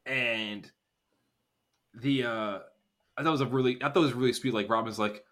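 A man co-hosting a podcast, talking in a loose, rambling way at an ordinary middle pitch. He keeps slipping into quick acted-out lines from the characters he describes. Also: fairly bright tone. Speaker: podcast co-host. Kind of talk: casual chat recapping a TV episode.

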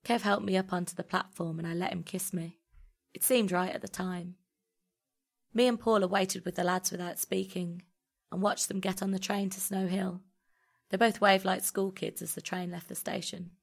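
A woman reading a first-person story aloud in a measured, intimate storytelling manner. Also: medium pitch, fairly even intonation, gravelly. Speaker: narrator.

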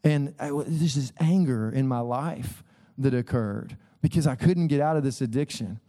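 A man's voice: medium pitch, moderate pace, dark tone. Earnest man preaching a conversational sermon. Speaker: pastor. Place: church sanctuary.

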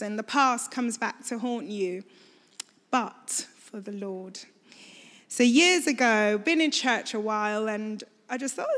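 A woman's voice: a little high, a bit bright. A woman giving a heartfelt personal testimony on prayer in church, drawing out her emphatic phrases. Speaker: church speaker sharing testimony. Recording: long hall reverb.

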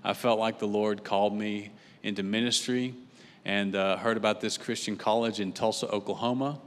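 A man's voice: lowish voice, steady tone, moderate pace, long reverb tail. A man in his late forties, originally from Britain, giving a chatty, self-deprecating introduction as a guest pastor before his sermon. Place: church sanctuary.

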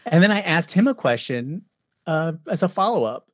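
A man's voice: on the high side, big pitch swings, normal speed, no room sound. A man in his forties, a guest filmmaker on a casual podcast chat, telling stories with animation, acting out quotes and laughing often. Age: 40s.

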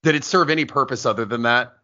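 A man's voice: medium pitch, fast. A middle-aged man hosting a casual movie talk podcast. He tells long, talkative stories. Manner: talkative, animated storyteller. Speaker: podcast host. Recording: dull lo-fi sound.

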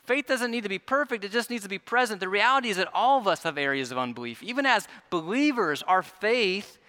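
A male pastor preaching a sermon in an earnest way, often repeating words as he restarts, dropping soft and rising again. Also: sits high, lively intonation, fairly quick. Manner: earnest, stumbling repetitions, drops soft then rises.

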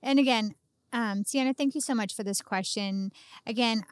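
A woman's voice: fairly high pitch, normal speed, no echo. A woman co-hosting a podcast, chatting casually, agreeing readily, laughing often and reading out listener questions. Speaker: podcast co-host.

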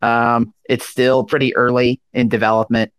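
A man explaining software and speech synthesis history in a casual technical chat, with many ums and uhs. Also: medium pitch, level tone, moderate pace, clear, resonant tone, no echo. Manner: hesitant, full of ums and uhs. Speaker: guest speaker.

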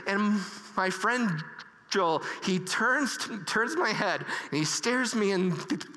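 Man, high voice, earnest halting storyteller, speaking in a reverberant hall. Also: animated, sharp tone. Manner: halting, many restarts and fillers; earnest and emotional. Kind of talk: personal storytelling talk.

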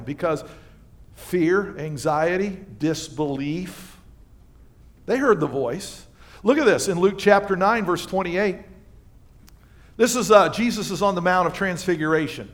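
High-voiced animated male preacher. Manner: animated preaching with asides and quick exchanges with the congregation. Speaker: pastor. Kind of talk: sermon. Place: church livestream.

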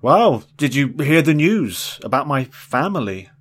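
Man putting on a sloppy drunk middle-aged spaceman, slurred, rambling, higher and louder than his narration, storybook reading. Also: big pitch swings, measured pace. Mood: mournful.

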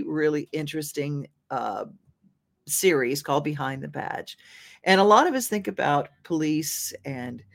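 A woman hosting a local talk show, chatting enthusiastically about events and sending hellos. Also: sits low. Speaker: host. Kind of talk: casual chat.

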